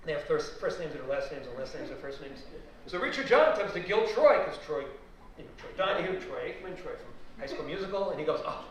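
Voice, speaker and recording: A middle-aged man from the United States with a New York accent, giving an animated storytelling talk to an audience as a guest historian. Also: fairly high pitch, quick pace, a little hiss or hum. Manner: animated, storytelling with rising emphatic peaks. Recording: very echoey room, speaker far from mic.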